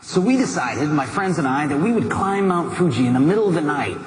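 Man, high voice, motivational storyteller, conversational, noisy echoey hall. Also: brisk, a crowd in the background. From United States. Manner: lively, conversational storytelling with asides to the listener. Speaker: motivational speaker. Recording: echoey hall with background noise.

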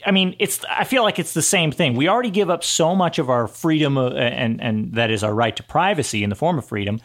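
A man co-hosting a talk show, reasoning aloud in a measured way with frequent ums and uhs. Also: on the high side, expressive, fairly bright tone. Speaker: podcast co-host. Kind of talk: casual comedic chat.

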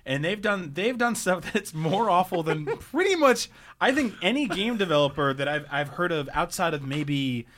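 A man hosting a casual gaming podcast, telling stories with animated, laughing delivery. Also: high-pitched, moderate pace, slight background noise. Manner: animated storytelling, laughs often. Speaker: podcast host. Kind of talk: casual chat.

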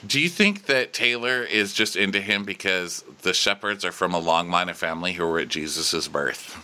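A man's voice: moderate pace, sharp tone. A man co-hosting a comedy podcast, playfully recapping a reality show and mimicking the cast. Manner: playful, mimics cast members in shrill put-on voices. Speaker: podcast co-host.

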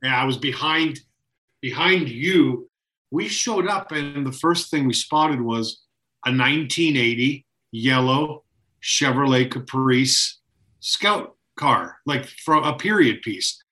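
A man casually reminiscing about working on a TV show, telling lively and detailed stories. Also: medium pitch, slow pace, rough recording. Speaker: co-worker on the show.

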